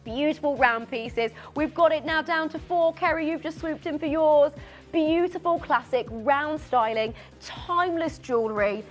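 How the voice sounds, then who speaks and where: A woman presenting live on a shopping channel, excitable and giggly, often tripping over her words. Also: high voice, moderate pace, faint music behind. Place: TV studio.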